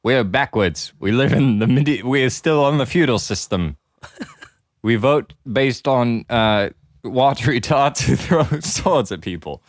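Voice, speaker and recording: Man, comedy co-host, playful in-character banter, animated pitch, dry close sound. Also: a little slow, no room sound. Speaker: podcast co-host. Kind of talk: improvised comedy chat.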